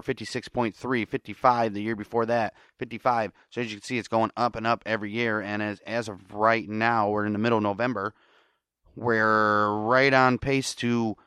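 A man's voice: on the low side, fairly bright tone, smooth, dry recording, studio quality. A man with an American accent hosting a solo podcast, ranting angrily and swearing often. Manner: angry, profane ranting. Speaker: podcast host.

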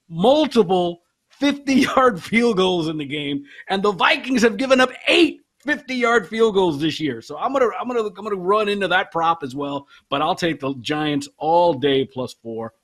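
A man's voice: high voice, animated, normal speed, fairly bright tone. A man on a sports betting panel, talking about his picks in an enthusiastic, rambling way. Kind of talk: casual sports betting chat.

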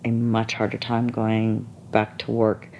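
A woman guest talking candidly in conversation, animated, laughing often and acting out the people she quotes. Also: rumbling low, a little slow, lo-fi sound, slight background noise.

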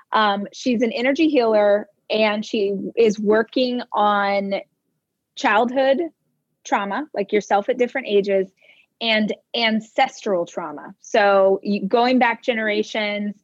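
A woman hosting a podcast, telling a story in an animated, casual way that mixes quick bursts with drawn-out words. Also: mid-range voice, dry recording, lo-fi sound. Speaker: podcast host. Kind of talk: casual chat.

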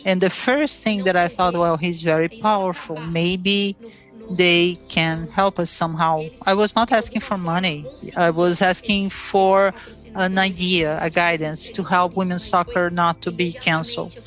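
A woman's voice: lowish voice, fairly even intonation, measured pace, a bit bright, soft background music. A Brazilian woman, a Portuguese native speaker, telling her own story with feeling and acting out the dialogue as a former player. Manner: emotional storytelling with quoted dialogue. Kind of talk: recounted personal story.

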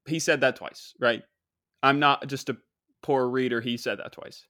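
A young man in his twenties, hosting a show with an excitable, rambling, joking comedic monologue. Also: medium pitch, normal speed, no room sound, clean studio sound. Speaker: show host.

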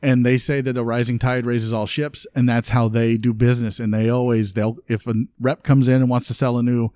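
A man's voice: mid-range voice, little pitch movement, brisk, a little mellow, dry recording. Easygoing man telling stories. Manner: storytelling, asks questions, easygoing. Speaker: podcast guest. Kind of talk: casual chat.

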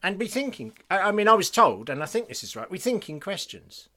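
Bright-voiced man chatting on a podcast. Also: high voice, big pitch swings. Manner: chatty, laughs easily, slows down for emphasis. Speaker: podcast co-host reading listener emails. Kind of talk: casual faith discussion.

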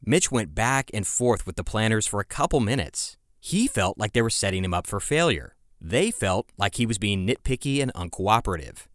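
Low-voiced man narrating history, dry sound. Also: lively intonation, moderate pace, few pauses, dry recording. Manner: conversational storytelling with casual asides. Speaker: podcast host.

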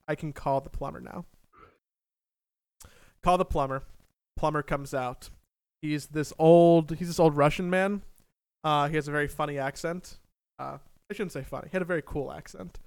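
A young man tells a story with animated, self-mocking energy and plenty of swearing. His voice sits a little high and comes through smooth and clear. The sound is dry and close. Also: normal speed, dry recording. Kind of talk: casual storytelling chat.

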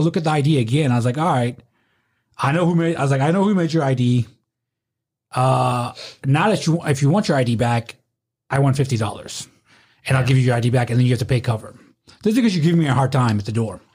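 A man's voice: medium pitch, slightly rough. A man telling rowdy stories about working a bar door, acting out the voices and laughing often. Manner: animated storyteller, acts out quotes, swears a lot, laughs often. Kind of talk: casual chat.

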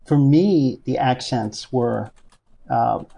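A man's voice: medium pitch, slow, creaky, mellow. A man in casual movie chat who chimes in with short, knowing facts.

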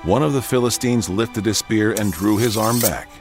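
A man giving a measured, dramatic narration of a story. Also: fairly low pitch, over music.

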